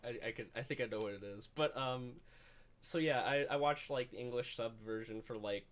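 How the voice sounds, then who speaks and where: A man's voice: medium pitch, brisk, fairly bright tone. A young man hosting a casual chat, rambling with lots of fillers and the odd curse. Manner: rambling, full of "like" fillers and swearing. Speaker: host.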